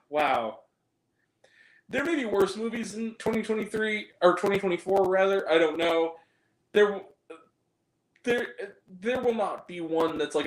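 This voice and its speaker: Man, movie review vlog, blunt and profane, slightly high voice, roomy echo. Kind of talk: casual video review.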